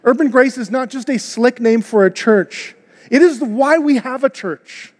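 A high-pitched man delivers an earnest, conversational sermon to his church, asking his listeners one rhetorical question after another. His voice rings out with a long reverb, as in a large church hall. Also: measured pace. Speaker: pastor. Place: church auditorium.

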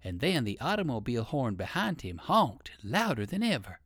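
A man reading an old children's storybook aloud, with lively sing-song storytelling. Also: mid-range voice, moderate pace, slightly rough, dry recording, clean studio sound. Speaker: audiobook reader.

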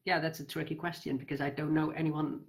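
A man guesting on a casual podcast, his voice gravelly with fry. He answers slowly and hesitantly, trailing off and restarting as he searches for words. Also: a little high, flat delivery. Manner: hesitant, halting, many fillers and restarts. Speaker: interview guest.

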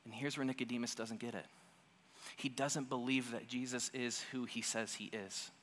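A man preaching a sermon in a conversational, animated teaching manner, often repeating phrases for emphasis. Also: mid-range voice, moderate pace, big-room sound.

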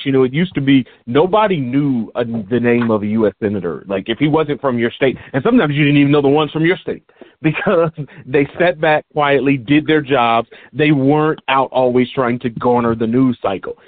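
A man, a regular commentator on a radio show, giving earnest and measured opinions. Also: medium pitch, no room sound. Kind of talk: casual on-air chat. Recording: phone-like radio audio.

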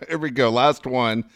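A man's voice: mid-range voice, a bit bright, no echo, studio quality. A middle-aged man co-hosting a casual talk show, swearing freely and laughing as he tells stories. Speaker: co-host. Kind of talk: casual chat.

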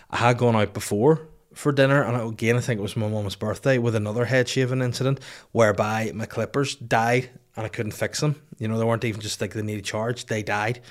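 A man in his thirties talks casually into a studio microphone, telling self-deprecating stories for his podcast. His speech is loose and peppered with swearing, and he mocks himself cheerfully. His voice sits at an ordinary middle pitch. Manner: swearing, self-mocking anecdotes. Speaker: podcast host. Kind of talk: casual solo podcast storytelling.

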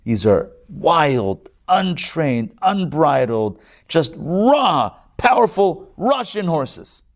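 Proud kazakh guy bragging on his horses, gravelly voice, a man doing him. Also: on the high side, sing-song, drawn-out words, pitched above the performer's own voice, exaggerated voice. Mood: vivid. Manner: proud, emphatic repetition.

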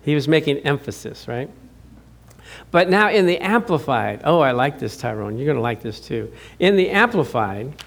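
A man's voice: a little high, very animated, moderate pace, vocal fry. A middle-aged man preaching a sermon as pastor, chatty and joking with his congregation, rising to emphatic declarations.

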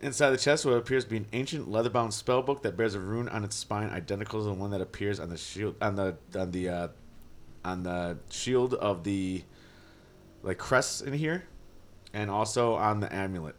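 A man's voice: fairly low pitch, normal speed. A man narrating as game master, casual and descriptive, with frequent fillers.

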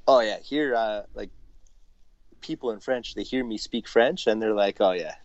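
A man's voice: lowish voice, moderate pace, no echo. Canadian man talking casually on a dull, dry line. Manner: relaxed, explains patiently with frequent fillers. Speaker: podcast guest, brewer. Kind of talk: casual chat. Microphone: phone call.

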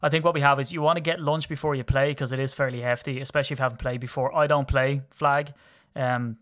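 A man in his thirties from Ireland, co-hosting a podcast in quick, teasing casual chat. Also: medium pitch, steady tone, a bit bright. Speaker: podcast co-host.

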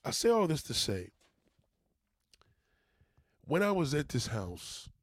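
A man's voice: fairly high pitch, very animated, slow, no room sound, clean studio sound. A man who runs a junk removal business, venting to his viewers in a profane, emphatic casual rant.

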